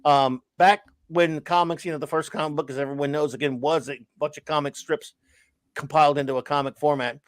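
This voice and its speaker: Casting: enthusiastic male host, higher voice, dry close mic. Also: steady tone, fairly quick, no echo. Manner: enthusiastic, rambling with restarts. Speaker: podcast host. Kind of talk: casual chat about comics.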